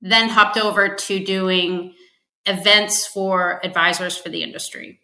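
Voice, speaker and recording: Woman podcast guest, lively storyteller, bright tone, slightly roomy sound. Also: mid-range voice, measured pace. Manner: chatty storyteller, acts out quotes with laughs. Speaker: podcast guest, finance executive. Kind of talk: casual interview chat.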